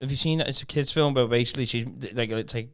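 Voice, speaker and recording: A man's voice: medium pitch, fast talker, clean tone. A man chatting on a podcast, teasing his friends and rambling through stories with many restarts. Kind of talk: casual banter.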